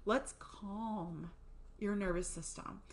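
An enthusiastic woman teaches a breathing course straight to camera. She talks fast and lively, throwing in playful asides. At times she moves off the mic to show the exercise. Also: medium pitch. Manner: excited, fast-talking, animated asides. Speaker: course instructor.

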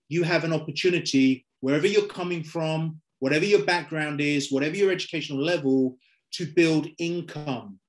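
A middle-aged man with a London accent giving an upbeat online sales presentation, checking in with "okay?" and "right?". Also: fairly high pitch. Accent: London English. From London, England. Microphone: video call.

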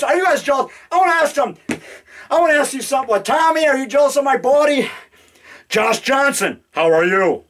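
His voice is high with a fairly bright tone. He's a low-budget horror filmmaker in his fifties, joking, boasting and rambling to a camera in his home basement, captured through the camera's own mic.

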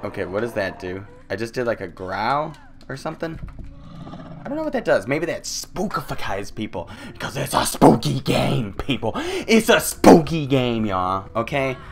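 A young man doing loud, joking let's-play commentary, his voice swinging high and low as he plays. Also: sing-song, moderate pace, creaky, noisy background. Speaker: gaming YouTuber.

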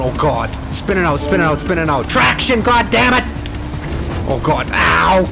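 A young man hosting let's play commentary, excitable and frantic, swearing often. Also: sits high, normal speed, vocal fry. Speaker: gaming channel host. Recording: game music underneath.

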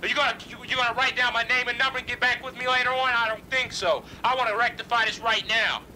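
A man's voice: extremely high pitch, fairly even intonation, quick pace, pushed and bright, a little hiss or hum. An angry male caller on a phone call, swearing and threatening in a furious, profane rant.

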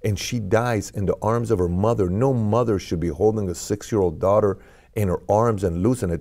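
A man's voice: lowish voice, a little mellow. A middle-aged man, a podcast guest, telling a personal story in an earnest, questioning way.

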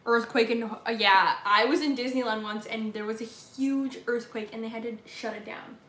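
A woman's voice: on the high side, fairly even intonation, normal speed, fairly bright tone, reverberant. A young woman hosting a casual live stream from her kitchen, chatting and answering viewer comments. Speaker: livestream host. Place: home kitchen.

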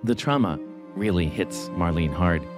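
A man narrates in a measured, low-key manner, guiding the listener through the story with quiet murmurs of reaction. His voice sits somewhat low, with soft music playing underneath. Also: lively intonation. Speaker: podcast host and narrator. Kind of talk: scripted narration.

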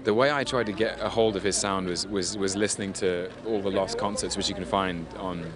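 A British actor with a low, steady voice talks briskly and animatedly in a red carpet interview outdoors at a busy premiere, laughing and restarting his sentences. A loud crowd can be heard behind him.

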